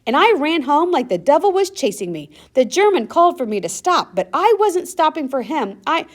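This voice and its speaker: A woman voicing a quick-witted young girl who talks fast and acts innocent to distract soldiers. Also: high voice, big pitch swings, voice pushed up. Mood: rushed. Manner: rapid nervous chatter, feigned innocence.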